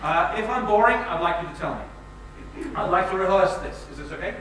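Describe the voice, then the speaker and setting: This guest speaker from England has a high, expressive voice and a brisk delivery. Speaking with an English accent to a lecture-hall audience, he pokes fun at himself and tests the crowd with questions, all captured by a far-off mic in a noisy, heavily echoing hall.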